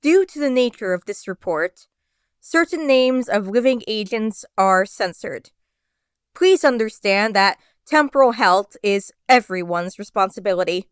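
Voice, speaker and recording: A woman reading a scripted, official report notice in a crisp manner. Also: medium pitch, expressive, measured pace, dry recording, clean studio sound. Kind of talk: scripted announcement.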